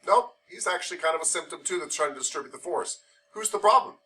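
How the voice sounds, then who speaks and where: A man's voice: on the high side, lively intonation, quick pace, sharp tone, far from the mic. A man teaching a massage therapy class, lecturing conversationally and explaining ideas through playful made-up examples.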